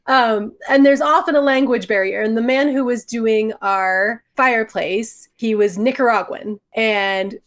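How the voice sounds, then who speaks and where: A woman co-hosting a podcast, telling wry, self-mocking stories in a relaxed chat. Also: a little high, unhurried, few pauses. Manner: laughs often, wry self-mocking anecdotes. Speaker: podcast co-host. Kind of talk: casual storytelling chat.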